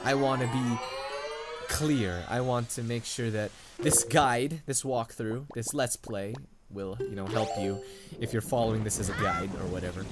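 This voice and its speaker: Let's play host, man, mid pitch; casual, rambling, jokey, game music under. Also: normal speed. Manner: chatty, rambling, joking. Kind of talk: game commentary. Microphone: condenser mic.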